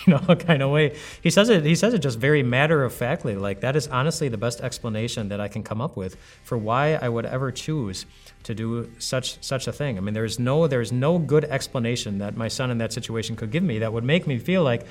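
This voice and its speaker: A man's voice: mid-range voice, expressive, brisk, soft background music. A man giving a conversational, reflective devotional sermon as a pastor, full of rhetorical questions.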